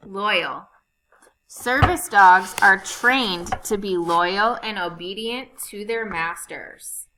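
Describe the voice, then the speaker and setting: A woman teaching a phonics lesson over slides, reading rules and example sentences slowly and deliberately. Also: medium pitch, pushed and bright, slight background noise, rough recording.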